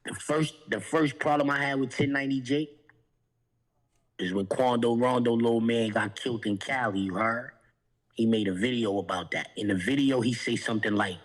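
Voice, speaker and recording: A man's voice: on the low side, steady tone, fairly quick, poor audio. A man on a podcast, talking in heated, emphatic street slang. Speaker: podcast guest. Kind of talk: heated casual talk.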